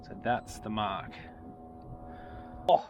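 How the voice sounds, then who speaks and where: An Australian man fishing from a kayak outdoors, narrating to an action camera and bursting into excited exclamations. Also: fairly low pitch, extremely slow, faint music behind. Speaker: fishing vlogger. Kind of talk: casual fishing commentary. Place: outdoors on a kayak on open water.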